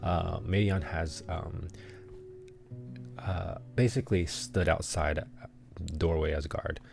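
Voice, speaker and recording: A man narrating a tabletop game as game master, in a halting way with many pauses and restarts. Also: deep voice, fairly even intonation, gravelly, over music.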